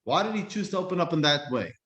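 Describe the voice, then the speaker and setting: A man teaching a class, reflective and slowing to stress key words. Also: fairly high pitch, big pitch swings, a bit bright, reverberant, dull audio. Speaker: Jewish teacher. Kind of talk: explanatory class talk.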